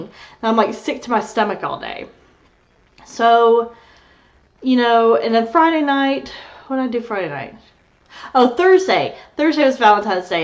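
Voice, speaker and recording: A woman's voice: fairly high pitch, fairly bright tone. A young adult woman vlogging, telling a rambling story in casual chat and laughing as she goes. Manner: candid, rambling, laughs through her story.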